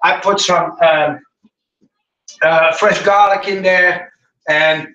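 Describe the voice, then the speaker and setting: A man's voice: high-pitched, steady tone, slow, bright, forceful tone, dull audio. A middle-aged man, hosting a casual live cooking stream and chatting to viewers in a rambling way. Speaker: cooking show host. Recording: echoey room, mic far off.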